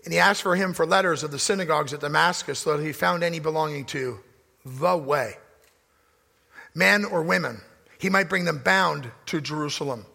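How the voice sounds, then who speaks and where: A pastor preaching a sermon, with emphatic delivery that swings from loud declarations to hushed asides. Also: male voice, a little high, normal speed, gravelly. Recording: long hall reverb.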